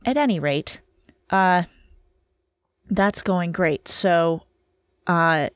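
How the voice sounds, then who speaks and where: A woman in her thirties talks through a casual podcast monologue in a lowish voice. She rambles and teases herself, sounding tired from a short night. The recording is dry and close, with no room sound. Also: extremely slow, clean tone, no echo. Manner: self-deprecating, chatty, rambling. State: tired from lack of sleep. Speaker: podcast host.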